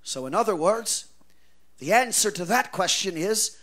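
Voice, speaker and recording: A man preaching a revival sermon, swinging from quiet asides to shouted declarations, with a folksy preacher's cadence. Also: sits high, expressive, unhurried. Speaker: pastor.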